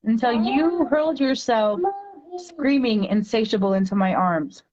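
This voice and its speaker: A woman guest on a podcast, talking earnestly and reading her own poems aloud slowly and deliberately. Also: on the high side, lively intonation, darkish tone, muffled recording.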